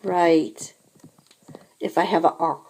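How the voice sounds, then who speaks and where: A woman teaching a beginner French lesson, slowly modeling each phrase for students to repeat. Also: on the low side, steady tone, darkish tone. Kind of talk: classroom language lesson.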